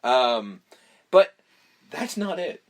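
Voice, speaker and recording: A man's voice: mid-range voice, drawn-out words. A man hosting a podcast, recapping a film in casual chat and swearing freely. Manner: profane, animated retelling. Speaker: podcast host.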